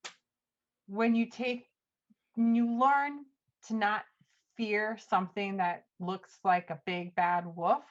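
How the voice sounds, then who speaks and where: A woman's voice: medium pitch, steady tone, slow pace, pauses often. A woman co-hosting a casual podcast chat, talking in a loose, chatty way full of fillers. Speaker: co-host, intuitive channeler. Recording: dull lo-fi sound.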